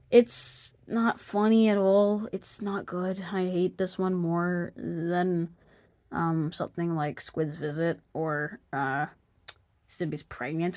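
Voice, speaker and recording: A woman narrating an opinion review of cartoon episodes, sarcastic and exasperated, sometimes dropping to a mutter. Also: on the low side.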